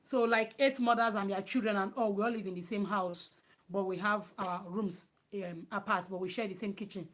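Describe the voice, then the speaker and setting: A woman from Nigeria with a Nigerian accent, chatting casually in a vlog, loud and emphatic, with many restarts. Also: mid-range voice, steady tone, normal speed. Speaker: vlogger.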